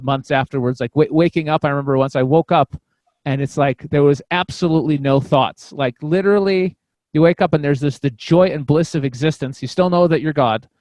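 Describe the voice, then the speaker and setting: Dude kinda high-voiced rambling thru a story on a podcast, swears a lot, dry close sound. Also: male voice, darkish tone, no echo. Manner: rambling, profane, frequent restarts. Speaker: podcast guest, comedian. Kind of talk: casual storytelling.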